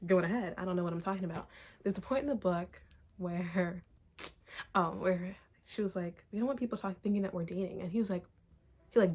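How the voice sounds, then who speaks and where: A young woman giving a casual, exasperated book review at home, talking fast with many fillers and laughs. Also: mid-range voice, husky.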